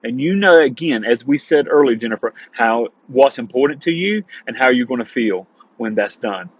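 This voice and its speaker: Male coach, husky voice, punchy repetitive delivery, dull dry recording. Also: fairly high pitch, lively intonation, moderate pace, no room sound. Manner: emphatic, repeats phrases, addresses listeners as guys. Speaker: sales coaching teacher. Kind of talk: energetic teaching monologue.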